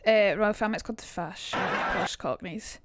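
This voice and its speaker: A woman's voice: medium pitch, normal speed, noisy background. A young woman streamer casually teaching, chatty and rambling, reading chat aloud with casual swearing.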